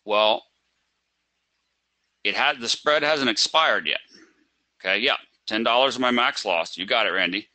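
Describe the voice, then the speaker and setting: A man's voice: medium pitch, unhurried, pauses often, bright, forceful tone, no echo, low-quality recording. A man teaching a live trading webinar, asking rhetorical questions and acting out a panicked trader. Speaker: trading instructor.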